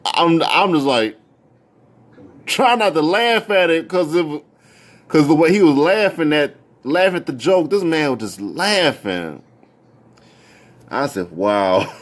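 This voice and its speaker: A man's voice: unhurried, pauses often. A man in his thirties telling a personal story in a casual, rambling way, repeating himself and restarting his sentences. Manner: rambling, repeats words and restarts, jumps into high excited voices when quoting.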